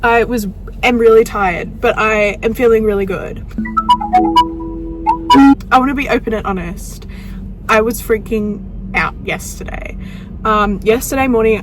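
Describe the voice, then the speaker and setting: A woman's voice: medium pitch, rough recording. Chatty young woman vlogging from her car. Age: young adult. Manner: chatty, candid, filler-heavy. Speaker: nursing student vlogger. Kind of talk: casual chat to camera. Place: inside a car. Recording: car interior with noise behind. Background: car and road noise.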